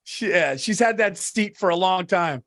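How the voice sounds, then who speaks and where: A man's voice: sits high, lively intonation, moderate pace, a bit bright. A man co-hosting a podcast, telling rambling stories in casual chat, laughing and swearing as he goes. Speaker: podcast co-host.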